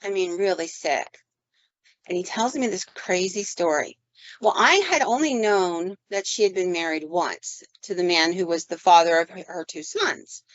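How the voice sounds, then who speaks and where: A woman's voice: fairly low pitch, normal speed, dry recording, lo-fi sound. A woman hosting a podcast, telling a paranormal story from her own work in a chatty manner and acting out the voices of the people in it. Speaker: podcast host. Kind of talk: casual storytelling.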